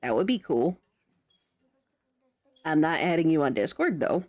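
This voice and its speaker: Giggly, lively woman streamer. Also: deep voice, unhurried. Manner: giggly, chatty, laughs often. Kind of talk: casual let's-play commentary.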